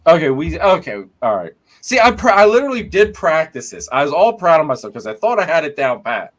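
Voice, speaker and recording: A man's voice: on the high side, fairly quick. A man hosting a casual live-stream chat, joking and laughing as he talks. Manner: animated, joking, lots of laughter. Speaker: podcast host.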